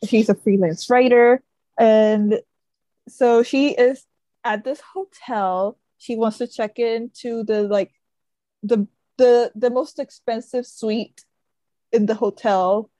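A woman with a slightly high voice talks slowly through a book's plot, padding her sentences with "like" and "sort of". The sound is dry and close, with no room around it. She talks in an easy, unhurried podcast chat. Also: fairly even intonation, dark tone, dry recording. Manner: chatty, frequent fillers like "sort of" and "like". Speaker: podcast co-host. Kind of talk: casual book chat.

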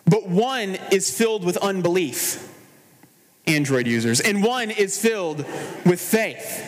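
A man preaching a sermon as pastor, earnest and measured, slowing down for emphasis. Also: sits high, long reverb tail.

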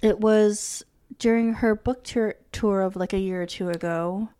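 A woman's voice: medium pitch, fairly even intonation, unhurried, warm tone, clean tone. A young woman chatting casually as a podcast co-host, with many ums and free swearing. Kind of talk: casual chat.

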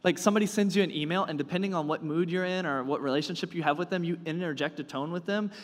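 A male pastor preaching a sermon in a conversational, animated storytelling manner. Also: fairly high pitch, fast, big-room sound.

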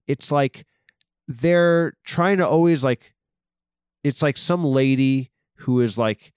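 A man's voice: mid-range voice, slow pace, darkish tone, clear, resonant tone, no echo, clean studio sound. A man delivering a rambling comedic monologue, often cutting himself off, swearing and mock-scolding his listeners. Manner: rambling, self-interrupting, swearing, mock-aggressive. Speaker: comedic podcast host.

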